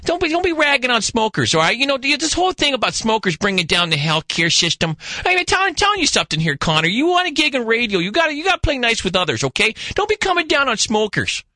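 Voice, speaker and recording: A man's voice: very high-pitched, big pitch swings, fast talker, hardly any pauses, no echo, studio quality, pitched above the performer's own voice, full character voice. A man doing a brash, pushy radio colleague. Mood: scolding. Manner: loud, pushy, repeats himself.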